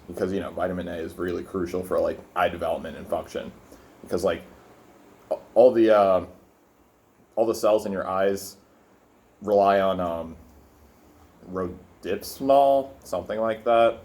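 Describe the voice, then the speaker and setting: Low-voiced young man rambling while eating. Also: moderate pace, pauses often, darkish tone. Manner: rambling, profane, filler-heavy, talking while eating. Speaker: vlogger. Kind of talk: casual food vlog with rant. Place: his room indoors.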